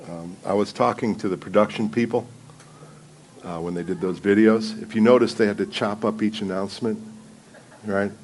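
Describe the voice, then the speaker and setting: A man's voice: fairly low pitch, fairly even intonation, moderate pace, darkish tone. Guy preaching as a guest, rambly and jokey, laughs a lot, bit of room hum. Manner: rambling, self-deprecating, laughs often. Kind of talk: casual sermon opening with stories. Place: church sanctuary before a congregation.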